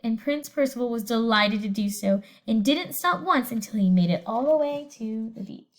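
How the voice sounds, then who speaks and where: A woman teacher with a high voice reads a storybook to her class in an animated, expressive way. She stops now and then to ask the students questions about the pictures. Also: normal speed. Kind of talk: reading a picture book aloud to students.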